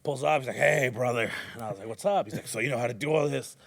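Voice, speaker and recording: A man's voice: medium pitch, racing, creaky, dry recording. A man in his thirties hosting a podcast, telling a long story in casual chat, acting out quotes and saying "bro" a lot. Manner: animated, acts out quotes, says bro a lot. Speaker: podcast host.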